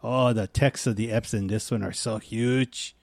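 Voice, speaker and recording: A man in a casual movie discussion, talking earnestly with some halting restarts. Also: lowish voice, steady tone, gravelly.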